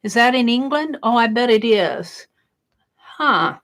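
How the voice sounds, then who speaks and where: A woman's voice: on the high side, lively intonation, slow pace, a bit bright. A woman hosting a casual crafting live stream, exclaiming over mail and greeting viewers in chat.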